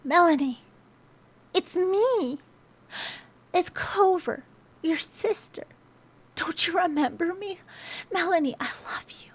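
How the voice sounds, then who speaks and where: A woman voicing a young woman who softly pleads with her lost sister. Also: very high voice, slow pace, pauses often, voice pushed up. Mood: pleading. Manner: soft and pleading.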